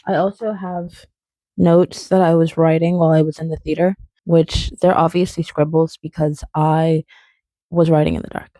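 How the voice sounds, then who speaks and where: A woman's voice: deep voice, flat delivery, moderate pace, warm tone, dry recording. A young woman talking casually through a film critique, chatty and playful with frequent fillers and tangents. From outside England. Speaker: video essayist. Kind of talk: casual spoken video essay.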